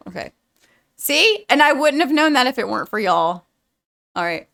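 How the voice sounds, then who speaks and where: In her movie-reaction vlog, a young woman with a high voice and vocal fry sounds very animated, speaking at a moderate pace with frequent pauses. She rambles to viewers in a casual, heartfelt way, leaning heavily on "like."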